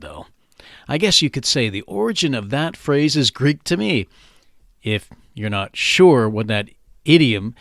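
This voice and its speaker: A man's voice: mid-range voice, fairly bright tone, no room sound, clean studio sound. A man hosting a scripted educational podcast, explaining phrases in a playful, jokey way. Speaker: podcast host.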